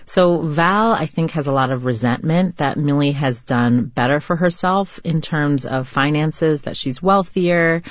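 A woman novelist answering interview questions in a reflective, earnest way, sometimes pausing to find words. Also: low voice, dry recording. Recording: slightly dull lo-fi remote sound.

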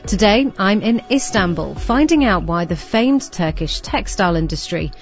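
A woman's voice: mid-range voice, expressive, normal speed, lo-fi sound. Female radio presenter over music. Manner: clear, scripted presenting. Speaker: business programme presenter. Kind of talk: radio presenting and field reporting.

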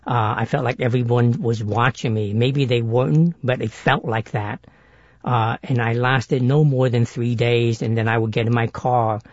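A middle-aged man with a higher-sounding voice, telling stories as a guest in an interview, hesitant with many restarts. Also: darkish tone, no room sound, highs cut off. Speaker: guest, actor and author. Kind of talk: interview storytelling.

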